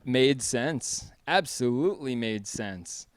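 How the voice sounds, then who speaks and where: A man co-hosting a casual show, chatting in a rambling, profane and animated way. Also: mid-range voice, slow pace, clean tone. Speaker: co-host. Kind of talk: casual chat.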